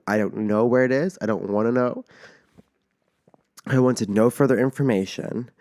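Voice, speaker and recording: A young man hosting his own podcast, telling stories in a dramatic, rambling way, full of "like" fillers, self-mocking and swearing freely. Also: lowish voice. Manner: animated, dramatic storytelling with lots of "like" fillers. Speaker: podcast host. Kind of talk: casual solo podcast chat.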